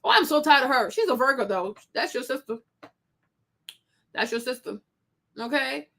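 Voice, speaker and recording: A woman's voice: high-pitched, lively intonation, moderate pace, vocal fry, fairly bright tone, slight background noise. A woman hosting a commentary show, reacting to a clip with sassy, emphatic talk. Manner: sassy, emphatic, preachy asides.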